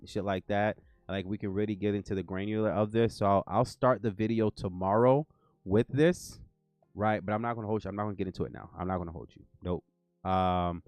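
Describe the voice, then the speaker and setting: A man's voice: on the low side, a little mellow, dry recording. An American man hosting a livestream, talking casually in a loose, rambling way with slang and fillers. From United States. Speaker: livestream host.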